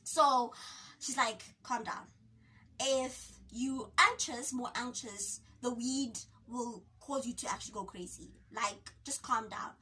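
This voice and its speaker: Bright, high-voiced South African woman. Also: takes it slowly, slightly rough. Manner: dramatic, expressive, acts out quotes with sudden pitch jumps. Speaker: YouTuber. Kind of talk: animated storytime vlog. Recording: voice a bit distant from the mic.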